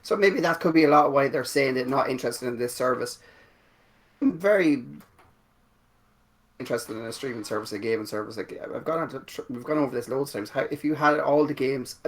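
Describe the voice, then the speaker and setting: A man in casual podcast chat, giving opinions hesitantly and trailing off quietly. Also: mid-range voice, fairly quick. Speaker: podcast co-host.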